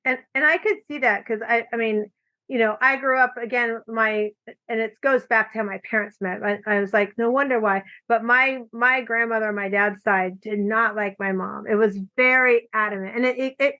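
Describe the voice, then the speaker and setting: Chatty woman host, bright dull audio. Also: a little high, steady tone, normal speed. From California. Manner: chatty storyteller, acts out quoted lines. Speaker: podcast host. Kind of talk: casual conversation.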